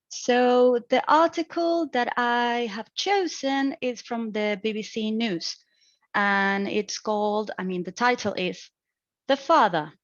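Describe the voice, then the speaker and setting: A young woman student reading out her prepared phonetics presentation for an exam, explaining in a measured way with a few hesitant fillers. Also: on the high side, no room sound. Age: young adult. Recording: dry, dull lo-fi sound.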